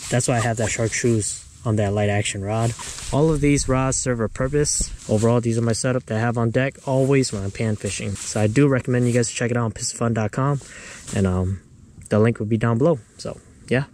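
A man from the US Midwest hosts a casual fishing vlog outdoors, his voice sitting in a middle pitch. He talks in a slangy, exclamatory way straight to his viewers. There is clear background noise on the outdoor camera audio. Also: brisk, darkish tone. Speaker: fishing vlogger. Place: outdoors on the ice.

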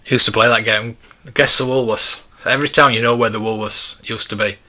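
A UK man in his forties keeps his medium-pitched voice steady, brisk, bright, and forceful as he hosts a casual live stream. He reads viewer comments and chats in a meandering, nostalgic manner.

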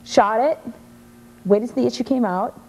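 A woman's voice: on the high side, normal speed, a little hiss or hum, low-quality recording. A woman in her thirties from Chicago, a guest telling her story in a casual, chatty interview and acting out quoted voices. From Chicago, USA. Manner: chatty, animated storyteller who acts out quotes.

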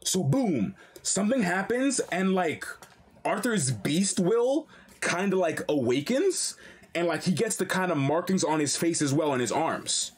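A young man streaming a live reaction to a comic, talking in an animated, slangy, excitable way. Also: high-pitched, unhurried, husky.

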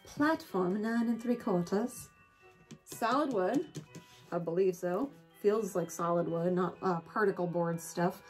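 A woman chatting casually through a product haul, gushing and excitable, often breaking into squeals of delight and correcting herself mid-sentence. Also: fairly low pitch, a little slow, faint music behind. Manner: chatty with self-corrections and asides. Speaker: home and collectibles vlogger.

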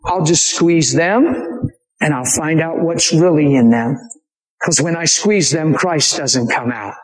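A preacher doing a sneering, taunting devil. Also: male voice, a little high, takes it slowly, reverberant, low-quality recording. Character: sly accusing male devil, sneering tempter.

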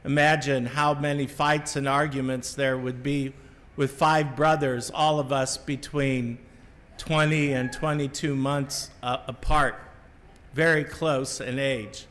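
Slow, reflective priest in echoing church. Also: male voice, mid-range voice, little pitch movement, fairly bright tone, a little hiss or hum. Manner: measured, reflective storytelling with small restarts. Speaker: Catholic priest giving a homily. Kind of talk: sermon. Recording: long church reverb.

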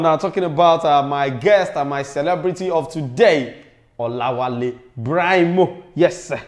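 A man with a Nigerian accent hosting a casual celebrity gossip show, animated and slipping into Pidgin asides. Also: a little high, moderate pace, roomy sound. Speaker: host.

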